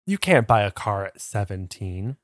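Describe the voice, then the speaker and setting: A man's voice: fairly low pitch, big pitch swings, normal speed, dry recording, clean studio sound. Rambling, laugh-prone man co-hosting a podcast. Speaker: podcast co-host. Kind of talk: casual chat about books and films. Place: indoors, sitting on the floor.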